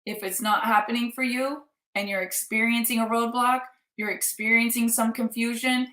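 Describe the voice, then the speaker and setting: A woman's voice: on the high side, steady tone, moderate pace, a bit bright. Earnest woman coaching in a roomy space. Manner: earnest, emphatic, repeats for effect. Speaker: life coach. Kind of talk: motivational live talk.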